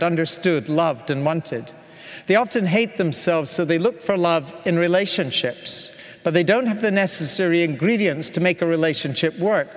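Preaching man in a reverberant hall. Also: on the high side. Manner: earnest, measured preaching with emphatic repetition. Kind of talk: sermon.

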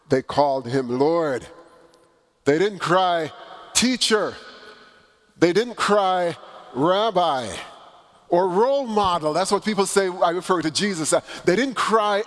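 A man preaching a sermon, with dramatic pauses and swelling emphasis. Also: on the high side. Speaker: pastor. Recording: long reverb in a large hall.

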